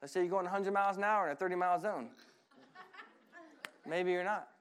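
A man preaching a sermon in an animated, conversational way, slipping into acted voices. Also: high voice, fairly quick. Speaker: pastor.

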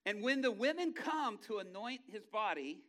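A man preaching a sermon, telling stories dramatically and acting out the characters' voices, swinging from hushed low passages to loud excited bursts. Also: normal speed.

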